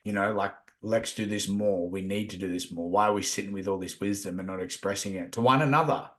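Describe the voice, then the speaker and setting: A man's voice: on the low side, brisk, a bit bright. A man chatting casually on a podcast, laid-back, swearing a lot as he talks about feelings and energy. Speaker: podcast co-host. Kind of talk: casual chat.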